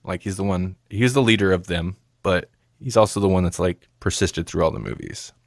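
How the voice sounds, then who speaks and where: Low-voiced man rambling on a podcast. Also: fairly quick, vocal fry, dry recording, clean studio sound. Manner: rambling, laughs often. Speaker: podcast co-host. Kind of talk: casual movie review chat.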